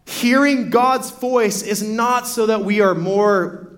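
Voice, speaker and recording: A man's voice: sits high, slow pace. A young adult man, a pastor, preaching a sermon in a casual storytelling way, full of "like" fillers and restarts.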